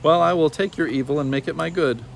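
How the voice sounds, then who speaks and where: A man's voice: fairly high pitch, quick pace, creaky, slight background noise. A proud young girl, voiced by a man reading aloud, sniffy and haughty. Her lines come out lifted and disdainful in a storybook reading.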